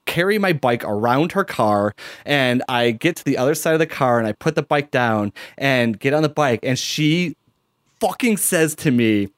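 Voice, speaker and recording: Male co-host, casual rambling storyteller, mid-pitched, worked-up ranter. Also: expressive, moderate pace, no echo, clean studio sound. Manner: rambling, heavy use of "like", gets heated.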